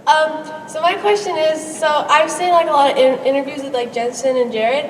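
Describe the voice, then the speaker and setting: A woman's voice: sits high, fairly even intonation, normal speed, a little hiss or hum. Nervous young woman at a hall mic. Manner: nervous, hesitant, many fillers. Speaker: fan asking a question. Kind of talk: audience question at a convention. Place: large convention hall. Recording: echoey hall, from a distance.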